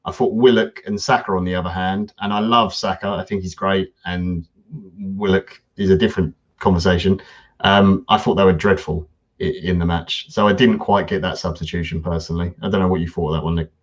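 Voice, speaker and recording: Low-voiced guy co-hosting a football podcast, laid back with lots of ums, sound kinda dull and lo-fi. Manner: relaxed, many ums, measured opinions. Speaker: podcast co-host. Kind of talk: casual football chat.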